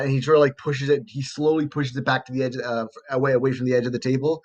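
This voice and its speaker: A man narrating a tabletop game as game master in a casual, halting way with fillers. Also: medium pitch, flat delivery, highs cut off.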